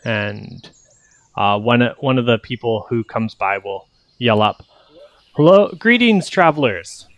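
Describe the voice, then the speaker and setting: A man's voice: lowish voice, flat delivery, measured pace, fairly bright tone, no room sound. A man narrating as game master, rambling and correcting himself as he explains the scene.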